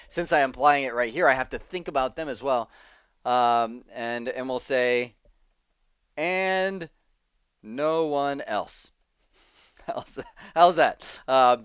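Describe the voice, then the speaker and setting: A man's voice: on the high side, a bit bright, no room sound. A man teaching a networking lesson in a casual, chatty way, thinking aloud, correcting himself and adding wry asides. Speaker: networking instructor. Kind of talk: casual screen-recorded tech lesson.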